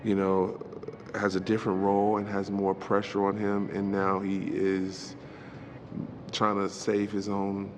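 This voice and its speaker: A man giving a candid sit-down interview, talking haltingly with many fillers. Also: fairly low pitch, completely flat delivery, slight background noise. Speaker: interview guest.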